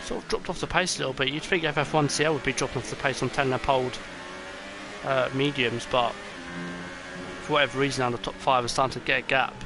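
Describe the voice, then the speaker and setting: A young man commentating an online racing game, excitable and rambling with many fillers, and tired. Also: medium pitch, fast, over music. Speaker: race commentator. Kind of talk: esports race commentary. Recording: noisy, with game car sounds behind.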